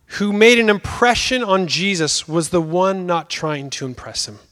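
High-voiced man preaching a sermon. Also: fairly bright tone. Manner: conversational, emphatic preaching with dramatic pauses.

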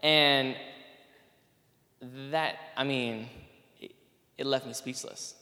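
A man's voice: mid-range voice, steady tone, takes it slowly, sharp tone. A man, a PE teacher, giving a casual and earnest spoken testimony, full of fillers and restarts. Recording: long hall reverb.

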